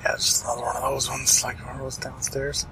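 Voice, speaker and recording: A man's voice: mid-range voice, monotone, quick pace, vocal fry, noisy background. Chatty man muttering over a video game. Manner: chatty, wry, mutters to himself, swears casually. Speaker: let's play host. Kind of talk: casual gameplay commentary.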